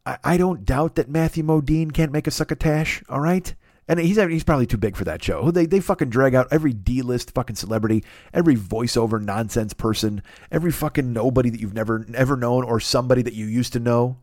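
A man's voice: medium pitch, fast, a little mellow, no room sound, clean studio sound. A man hosting a podcast, rambling through a profane, sarcastic comedy rant and slipping into silly voices. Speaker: podcast host.

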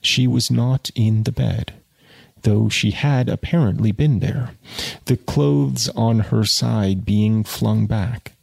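Brief: man reading fiction aloud, casual asides, gravelly, husky voice. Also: lowish voice, slow, darkish tone, no room sound. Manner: wry asides, conversational.

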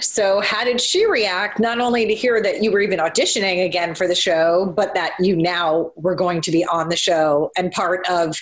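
A woman interviewing a guest, asking her questions in a friendly, brisk way. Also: lowish voice, fairly even intonation. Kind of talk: casual interview chat.

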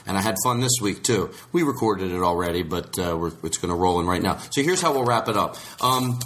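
A man's voice: low-pitched, animated, fairly quick, few pauses, fairly bright tone, slight background noise. A man hosting a podcast in casual chat, rambling and restarting his sentences, slipping into voices when he quotes people. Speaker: podcast host.

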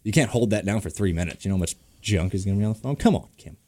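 A man with a low, dark voice chats quickly on a podcast. He tells his stories in a laid-back, competitive way. The sound is dry and close. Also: lively intonation, no room sound. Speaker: co-host and race car driver. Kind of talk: casual podcast chat.

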